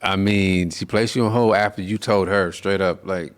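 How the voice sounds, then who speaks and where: Low-voiced man reacting with interjections. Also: steady tone, normal speed, hardly any pauses, smooth. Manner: reacts with short interjections and laughs, asks follow-up questions. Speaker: podcast co-host. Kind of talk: casual chat.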